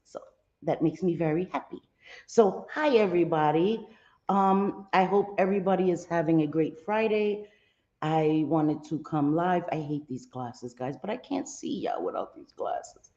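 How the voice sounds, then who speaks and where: A woman's voice: lowish voice, lively intonation, unhurried, mellow, reverberant, highs cut off. A woman hosting her livestream, greeting viewers by name and talking earnestly with many ums. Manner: earnest, candid commentary. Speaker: livestream host. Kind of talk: casual livestream chat.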